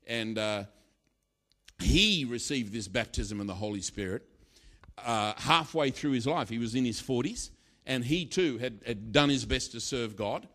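Male preacher, middle-aged, lively sermon storytelling, acts out lines loudly. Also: mid-range voice, a little slow. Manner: storytelling, animated, acts out quotes with sudden loud bursts.

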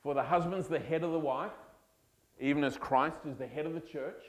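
A man's voice: on the high side, rough recording. A man preaching a sermon, from Australia, leaning hard on key words and stretching them out. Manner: emphatic, drawn-out key words.

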